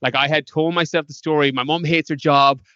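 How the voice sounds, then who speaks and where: Irish man, podcast guest, rapid talker, dull muffled audio, dead dry room. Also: on the high side, clean tone, dry recording. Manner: animated, acts out past conversations. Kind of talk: casual interview storytelling.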